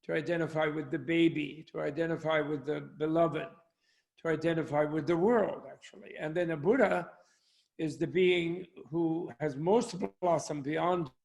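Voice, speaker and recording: Gravelly, high-pitched older man. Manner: rambling, anecdotal, chuckling. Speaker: Buddhist scholar, professor. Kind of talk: discussion with jokes. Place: home, online talk. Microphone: video call.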